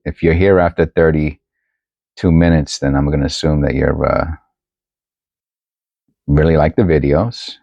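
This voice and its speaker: A coin-collecting vlogger chats casually while sorting coins at home, rambling, thinking aloud, and restarting often. His voice is very deep, with fairly even intonation, a measured pace, vocal fry, frequent pauses, and a mellow quality. The new desk microphone gives a dry, dull sound.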